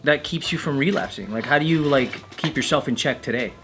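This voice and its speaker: A man hosting a podcast, asking lively, teasing questions in casual chat. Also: mid-range voice, brisk, noisy background. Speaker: podcast host.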